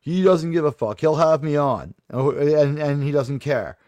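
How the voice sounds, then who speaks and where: A man's voice: a little high, animated, unhurried, a little mellow, no room sound. Rambling New York man, dry sound. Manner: rambling, chatty, frequent restarts. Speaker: livestream host. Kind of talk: casual live stream chat.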